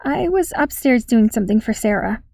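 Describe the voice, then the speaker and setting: A woman voicing a shy, self-conscious teenage girl who speaks quietly and hesitantly in a storybook reading. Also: a little high, animated, moderate pace, vocal fry, dry recording, studio quality. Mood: sheepish.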